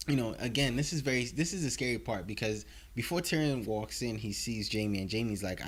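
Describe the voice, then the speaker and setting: A man's voice: mid-range voice, a little fast, few pauses, husky. A man casually recapping and reviewing a TV episode, rambling along with many filler words. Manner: rambling, heavy on "you know" fillers.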